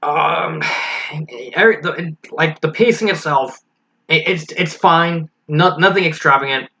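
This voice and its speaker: A man's voice: a little high, measured pace, pushed and bright. A man giving a casual spoken review of a fan story, frank and critical, thinking aloud as he goes. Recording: slightly dull lo-fi recording with faint hiss.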